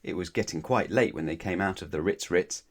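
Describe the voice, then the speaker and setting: Low-voiced man reading a bedtime story. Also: brisk. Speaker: storybook reader. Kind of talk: children's bedtime story read-aloud.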